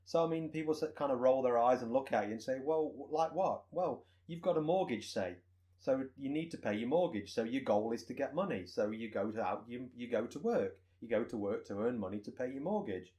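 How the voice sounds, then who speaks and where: A man, a personal trainer co-hosting a podcast, explaining goals with everyday examples in relaxed chat. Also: mid-range voice, a little fast.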